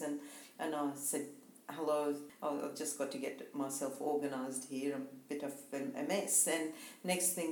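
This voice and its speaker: A woman's voice: sits low, a little mellow, slight background noise. A woman co-hosting a casual chat, telling reflective anecdotes and laughing easily. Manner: reflective, chatty storyteller who laughs easily. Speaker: co-host. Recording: roomy echo.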